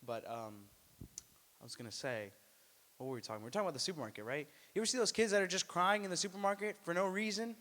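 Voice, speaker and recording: Young man doing stand-up in a reverberant venue. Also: fast. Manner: deadpan delivery with loud high-pitched put-on voices. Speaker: stand-up comedian at an open mic. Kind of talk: stand-up comedy set. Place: small student venue. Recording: live room with long reverb.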